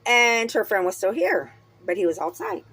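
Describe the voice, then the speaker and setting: A woman's voice: medium pitch, big pitch swings, normal speed, fairly bright tone, breathy edge, dry recording. A middle-aged woman rambling and venting in a casual, profane vlog. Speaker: vlogger.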